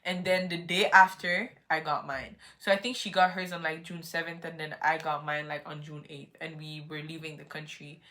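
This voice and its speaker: Young woman vlogger doing story time, lowish bright punchy voice, acts out her own reactions, says like a lot. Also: flat delivery, normal speed, few pauses. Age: young adult.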